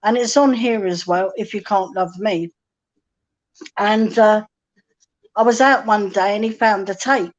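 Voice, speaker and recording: A woman's voice: mid-range voice, measured pace, long pauses. A woman, a singer-songwriter guest, chatting casually and telling stories while acting out quoted dialogue. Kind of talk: casual live-stream chat. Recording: dull lo-fi live-stream audio.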